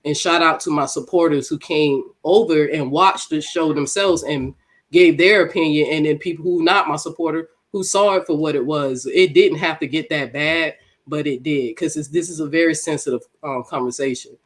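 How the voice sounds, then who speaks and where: A woman's voice: sits low, normal speed. Congested woman with a speech impediment. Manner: blunt, insistent. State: congested from a cold. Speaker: debate guest. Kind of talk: heated online panel debate.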